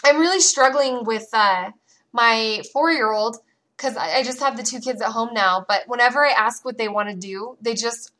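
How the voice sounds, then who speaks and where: A woman in her thirties co-hosting a casual parenting chat, telling lively stories about her kids. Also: fairly high pitch, normal speed. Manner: animated storyteller, acts out her kids' voices. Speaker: podcast co-host.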